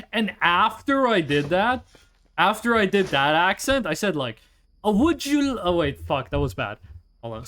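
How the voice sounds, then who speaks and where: Young male streamer, high and animated, casual profane storyteller. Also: normal speed. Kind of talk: casual chat while gaming.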